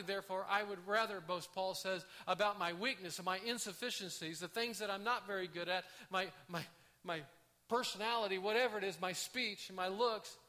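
A man delivers a sermon in a relaxed, conversational way, often stumbling and restarting his phrases. His voice sits high and sounds bright. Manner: conversational, animated, with frequent restarts. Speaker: pastor.

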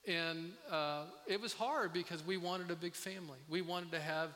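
A middle-aged man preaching a sermon as pastor, earnest and halting, with many restarts. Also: a little high, sharp tone. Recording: long reverb of a hall.

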